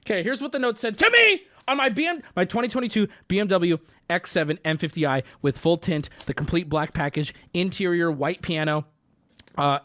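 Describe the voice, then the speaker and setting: A man streaming live, telling an exasperated story with lots of swearing and sudden high jumps in his voice. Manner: animated, indignant, swears a lot.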